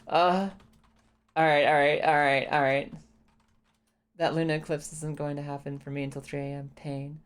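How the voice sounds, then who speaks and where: A young woman streaming a game, chatting casually, excitable, swearing often and breaking into squealing laughs. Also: sits low, normal speed, long pauses, smooth. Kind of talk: casual live-stream chat while playing a game.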